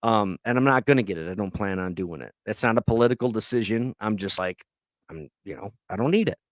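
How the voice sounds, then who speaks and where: A man hosting a podcast in casual chat, rambling excitedly and swearing often. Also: lowish voice, fairly quick, dry recording. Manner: profane, rambling, excitable storytelling. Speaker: podcast host. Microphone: laptop recording.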